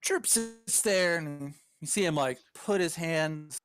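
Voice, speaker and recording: A man's voice: fairly high pitch, a little slow, hardly any pauses, a bit bright, clear, resonant tone, no room sound, clean studio sound. A man narrating as game master of a tabletop role-playing game, describing scenes casually. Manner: casual, descriptive, chuckles often.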